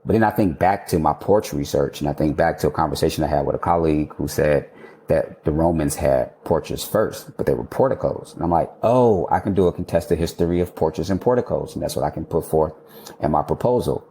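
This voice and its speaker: Male guest, 30s, deep warm voice, casual storyteller, laughs often, swears casually. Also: fairly quick. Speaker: architect guest.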